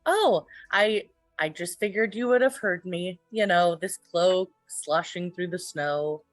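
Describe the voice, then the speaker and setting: A woman's voice: on the low side, slow pace, dry recording, faint music behind. A woman playing a hesitant, polite adventurer. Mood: concerned. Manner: hesitant, gently probing, filler-heavy. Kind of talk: tabletop role-play.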